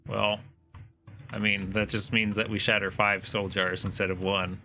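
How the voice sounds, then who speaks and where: A man's voice: lowish voice, level tone, normal speed, gravelly, sharp tone, soft background music. A man talking casually and thinking aloud while playing a co-op video game. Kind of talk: casual gameplay chat.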